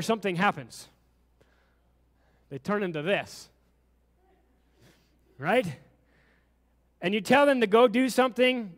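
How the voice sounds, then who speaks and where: A man with a very high voice preaches to his congregation. His sermon builds with fervent questions, and long reverb trails off the sanctuary walls. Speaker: pastor. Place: church sanctuary.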